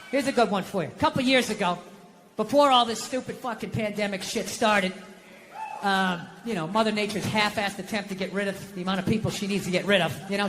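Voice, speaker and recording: A middle-aged man tears through a stand-up set in a sarcastic, profane, blunt way, his voice pitched high. He turns animated as he acts out quotes. The live recording carries a steady layer of noise around him. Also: long reverb tail. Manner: animated, slips into acted quotes. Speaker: stand-up comedian. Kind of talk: stand-up comedy routine. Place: comedy stage before an audience. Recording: noisy live comedy stage with crowd.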